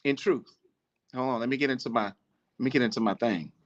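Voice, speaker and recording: A man hosting a podcast, talking in a casual, animated monologue, swearing, preaching and laughing often. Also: medium pitch, fast, muffled recording. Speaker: podcast host.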